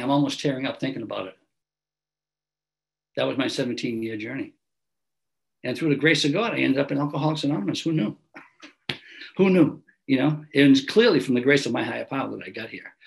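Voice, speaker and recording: An older man shares his own story on a video call. His voice is gravelly, and his pitch sits in a middling range. He talks earnestly and repeats phrases for weight, often tagging on a quick "right?". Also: low-quality recording. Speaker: recovery meeting speaker. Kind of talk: personal testimony talk.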